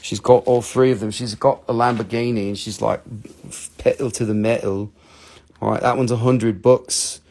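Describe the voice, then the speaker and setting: A man's voice: mid-range voice, fairly even intonation, moderate pace, gravelly, few pauses, darkish tone. A man with a Southern US accent from North Carolina, hosting a live online crystal sales stream with joking, rambling salesman banter. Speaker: host selling crystals.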